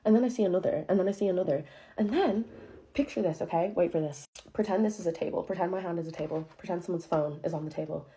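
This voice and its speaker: This is a mellow, lowish female voice moving at a quick pace. A young woman chats through a dramatic episode from her life, profane and casual, filling it with "like" and incredulous reactions.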